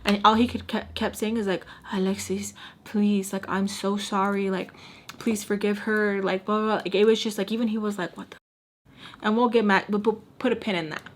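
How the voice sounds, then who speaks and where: A young woman in her twenties tells a personal story to the camera in a casual, dramatic way. Her voice sits in an ordinary middle pitch, and she acts out what she said back then and repeats lines for emphasis. A faint hiss runs under the recording. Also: little pitch movement, moderate pace. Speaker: storytime vlogger.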